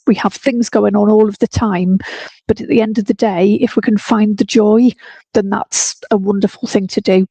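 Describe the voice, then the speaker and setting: A woman's voice: medium pitch, vocal fry, warm tone, slightly rough, dry recording. A woman, a school head, giving a blunt, earnest webinar talk over a computer mic on a video call. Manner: blunt, earnest, talks fast. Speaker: guest speaker, school head.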